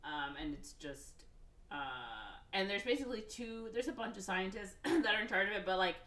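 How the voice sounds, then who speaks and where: A woman co-hosting a podcast, casually retelling a film with many fillers and quick acted-out quotes. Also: medium pitch, lively intonation, pushed and bright, reverberant. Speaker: podcast co-host recapping a film. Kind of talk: casual chat.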